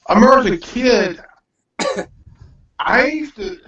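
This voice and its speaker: A man's voice: very high-pitched, expressive, a little slow, a bit bright, slight background noise. Stammering man, distant echoey lo-fi mic. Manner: rambling, stammering restarts, swears freely. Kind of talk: casual crude chat. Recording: echoey room, distant from mic, dull lo-fi sound.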